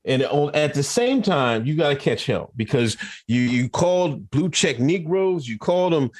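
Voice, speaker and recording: Man, comedic podcast co-host, teasing and rambling, slightly high voice. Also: lively intonation, normal speed. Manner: teasing, laughing often, rambling with restarts. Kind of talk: comedic casual chat.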